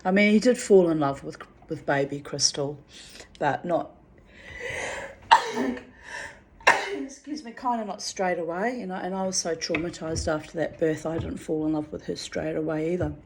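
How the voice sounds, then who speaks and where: A woman's voice: fairly low pitch, normal speed, a little mellow, slight background noise. A middle-aged woman recounting personal memories in a candid, rambling way. She talks frankly, swears freely and restarts her sentences often. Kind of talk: candid spoken reflection.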